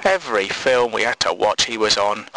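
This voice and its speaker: A man voicing a bitter, crude middle-aged man in his fifties who rambles in a slow, deadpan way. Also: fairly low pitch, no room sound, voice pushed down, low-quality recording. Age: 50s.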